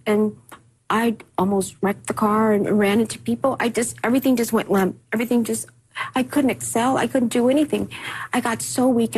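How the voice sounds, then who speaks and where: Woman guest, TV interview, higher breathy voice, stops and restarts a lot. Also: a little mellow, rough recording. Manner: halting, repeats words and restarts often. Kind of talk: emotional personal recollection in a TV interview.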